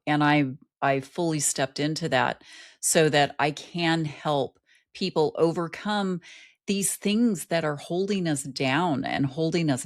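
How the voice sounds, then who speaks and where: A middle-aged woman, a life coach, talking earnestly as a guest in an interview and telling personal stories. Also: sits low. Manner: earnest storytelling. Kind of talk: conversational interview.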